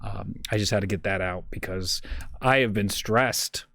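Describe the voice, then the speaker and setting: A man hosting a casual livestreamed podcast, rambling and excitable, getting loud when worked up. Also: lowish voice, moderate pace, gravelly, dry recording, clean studio sound. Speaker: podcast host.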